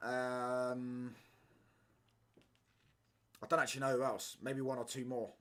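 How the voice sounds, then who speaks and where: A young man talks football to his stream viewers, loose and animated. He keeps throwing in slang and checking that the chat follows his point. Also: mid-range voice, takes it slowly. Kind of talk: casual chat. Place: home streaming setup.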